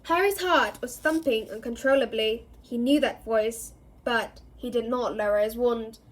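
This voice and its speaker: A woman reading a novel aloud in an expressive storytelling way, giving each character a voice. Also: fairly high pitch, unhurried. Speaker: reader.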